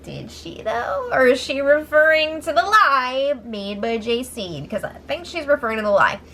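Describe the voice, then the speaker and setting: A woman's voice: high-pitched, lively intonation, normal speed, pushed and bright. A woman hosting a casual reality-TV recap, with sarcastic, incredulous asides. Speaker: show recap host.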